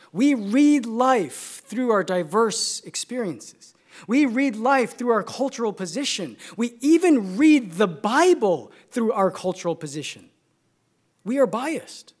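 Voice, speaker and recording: A man with a Californian accent preaching a sermon, measured and emphatic, building his points through repeated phrases. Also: high-pitched, a little mellow, breathy edge.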